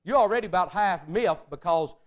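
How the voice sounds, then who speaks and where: A preacher delivering a sermon, swinging between loud exclamations and hushed prayer-like speech. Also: male voice, high-pitched, expressive, fairly quick.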